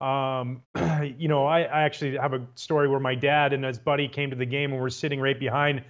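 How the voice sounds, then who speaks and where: A man's voice: mid-range voice, flat delivery, brisk. A man hosting a casual interview, eager and rambling through his questions, often repeating words. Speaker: podcast host, former pitcher. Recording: dull lo-fi sound.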